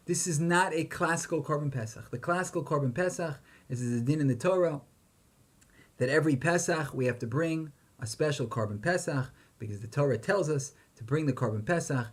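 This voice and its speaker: A man's voice: on the high side, expressive, fairly quick, slightly rough. A man giving a Torah lecture, posing questions and chanting Hebrew verses with emphasis. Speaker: rabbi teaching Torah.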